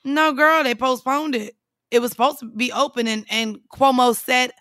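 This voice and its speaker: High, bright-voiced woman, blunt and profane. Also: steady tone, normal speed, no room sound, studio quality. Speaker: podcast co-host. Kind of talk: casual chat. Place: her house.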